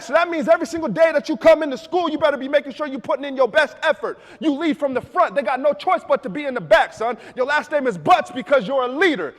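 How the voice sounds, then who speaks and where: A man's voice: extremely high pitch, pitched above the performer's own voice. A man voicing his firm, encouraging father, preaching with rising emphasis. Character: wise father, middle-aged, firm and encouraging. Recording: long hall reverb.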